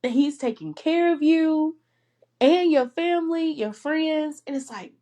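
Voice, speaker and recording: A young woman with a slightly raised pitch talks through her own faith story on a podcast. She sounds heartfelt and earnest and keeps breaking into soft laughter. At times she comes close to tears. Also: a little slow. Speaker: podcast host. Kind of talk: personal faith podcast monologue.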